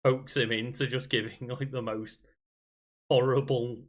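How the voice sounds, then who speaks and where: A man's voice: mid-range voice, little pitch movement, a little slow. A man co-hosting a casual podcast chat, laid-back and agreeable. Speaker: podcast co-host.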